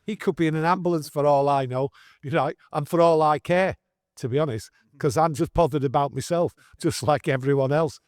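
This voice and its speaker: A man in his sixties with a Manchester accent, telling his story in an earnest, animated way with broad northern dialect. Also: on the high side, fairly quick, no room sound, clean studio sound. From England. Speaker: guest storyteller. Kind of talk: casual storytelling interview.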